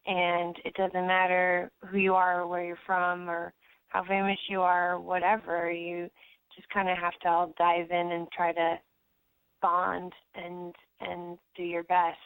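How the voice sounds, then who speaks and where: Gravelly woman on a tinny line. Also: on the low side, completely flat delivery, a little slow, no echo. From United States. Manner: rambling, many fillers and restarts. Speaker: actress, interview guest. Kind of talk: casual interview chat. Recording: dry tinny phone-like sound.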